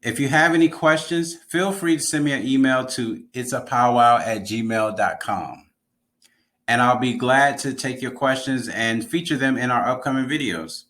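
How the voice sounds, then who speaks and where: A man's voice: medium pitch, normal speed, fairly bright tone. A man teaching an online language lesson, explaining patiently and repeating key words.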